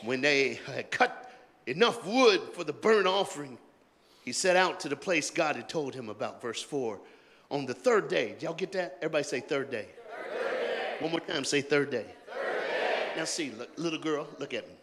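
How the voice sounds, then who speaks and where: A man preaching a sermon in a loose call-and-response style, joking in colloquial asides and swinging between shouted rallying lines and hushed, quiet talk. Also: fairly high pitch, lively intonation, moderate pace, very noisy. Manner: jokey, colloquial and emphatic. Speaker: pastor. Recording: long hall reverb.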